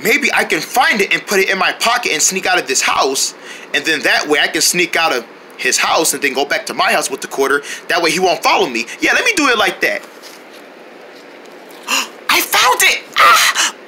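Sharp, animated comic skit voice. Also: mid-range voice, a little fast, a little hiss or hum. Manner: excitable, often shouting and laughing. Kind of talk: playful comic skit with several characters.

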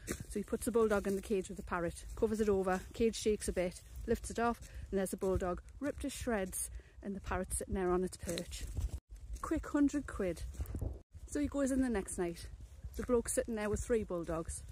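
A woman telling a crude pub joke in a deadpan, matter-of-fact way, swearing casually. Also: medium pitch, fairly quick, few pauses, a little hiss or hum. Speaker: joke teller.

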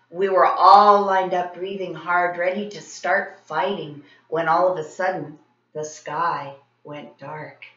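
Female teacher, expressive children's read-aloud; echoey, slightly muffled recording. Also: on the low side, slow pace. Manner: expressive, animated storytelling. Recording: roomy, slightly dull sound.

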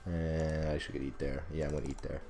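Over soft background music, a young non-British man gives casual, rambling commentary on his own gameplay, swearing often, laughing at himself, and bursting out in frustration. His rumbling low voice is mellow, fairly quick, and shows little pitch movement.

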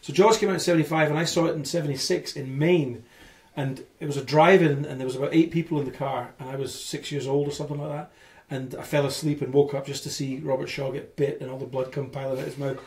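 A man in his forties with a Canadian accent, telling stories as a podcast guest in an animated, chatty way. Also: fairly high pitch, quick pace. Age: 40s. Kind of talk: casual chat.

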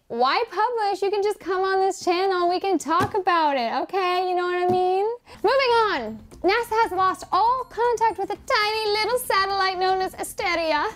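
A young woman hosting a space news show, presenting to camera with playful, jokey asides to the viewers. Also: high-pitched.

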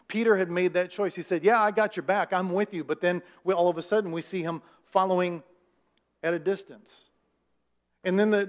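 A high-pitched male pastor preaches a conversational sermon. He raises his voice to stress points and puts questions to his congregation.

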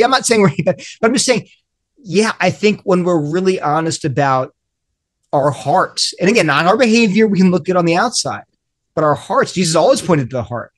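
A middle-aged man with a fairly high voice talks earnestly in a group discussion. He acts out small dialogues as he goes. He often restarts his sentences midway. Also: lively intonation, normal speed. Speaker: guest author. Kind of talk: animated discussion.

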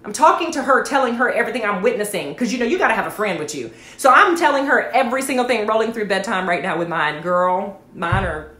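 A woman, chatting to livestream viewers and telling a story, with lots of animated asides. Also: mid-range voice, fast talker, hardly any pauses. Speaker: network marketing livestream host. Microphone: phone or webcam livestream. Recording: echoey room.

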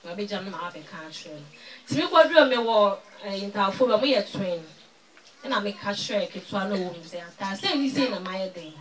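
A woman with a Ghanaian accent giving a spoken testimony at a church service, mixing Twi and English and swinging from loud to very soft. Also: medium pitch, expressive, a little fast, far from the mic, slight background noise.

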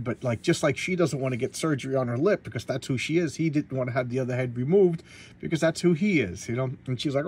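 A man's voice: mid-range voice, a little mellow, slightly rough. A man casually retelling a comic book story in a vlog, rambling with many fillers and restarts. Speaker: comic book collector vlogger.

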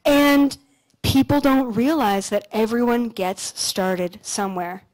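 A young woman from Canada giving a motivational talk on a conference stage, telling stories in a casual, animated way with some swearing. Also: a little high, slow pace, poor audio. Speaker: conference speaker. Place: lecture stage at an expo.

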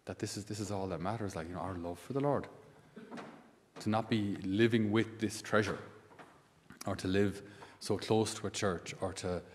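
A man's voice: fairly low pitch, fairly even intonation, moderate pace, in a large hall, slight background noise. A man, a priest giving a conversational sermon full of asides and rhetorical questions.

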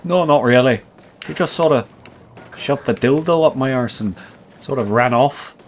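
Over soft background music, a man hosts gameplay commentary as a crude, taunting gamer persona, trash-talking in an accent he admits he's faking. It's foul-mouthed, brash stuff. His medium-pitched voice, at normal speed, stays close to everyday speech.

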